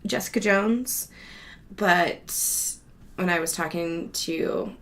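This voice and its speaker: Woman host, loose casual chatter, quick laughs, frequent swearing, recorded at home. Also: on the low side, fairly bright tone. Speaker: show host. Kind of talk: casual monologue chat.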